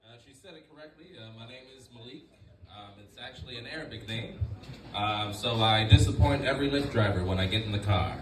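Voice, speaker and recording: A man doing a stand-up comedy set, talking in a laid-back, halting way with many fillers and a smooth, announcer-like voice. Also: medium pitch, distant mic, very noisy. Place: comedy club. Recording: roomy club sound from off mic with loud crowd laughter. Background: audience laughing.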